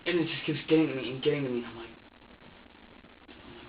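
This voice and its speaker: A man questioned as a suspect, talking in an agitated, halting way, full of restarts. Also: medium pitch, background noise. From upstate New York. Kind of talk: police interrogation statement. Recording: echoey room, distant mic, muffled.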